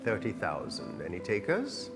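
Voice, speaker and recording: A man's voice: lowish voice, huge pitch swings, moderate pace. A man working as auctioneer, coaxing bids in an upbeat, chatty way. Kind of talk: live charity auction calling. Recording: long hall reverb with music behind.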